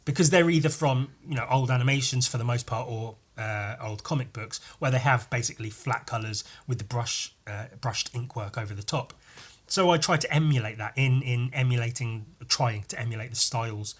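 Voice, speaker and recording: A young man giving rambling, self-deprecating voice-over commentary on his own painting, swearing casually and trailing off quietly at the ends of thoughts. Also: medium pitch, a little fast, breathy edge. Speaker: artist narrating his painting process.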